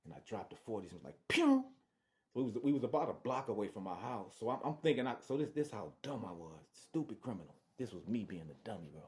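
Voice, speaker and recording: Deep-voiced man, casual storyteller, repeats himself and acts out the other voices. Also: quick pace, few pauses. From Detroit. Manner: animated, acts out voices, restarts and repeats words. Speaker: storyteller sharing his testimony.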